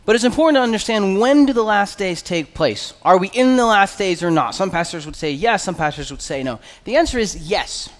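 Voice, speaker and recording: A man preaching an expository sermon as pastor, earnest and conversational, with quick asides. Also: sits high, lively intonation, big-room sound.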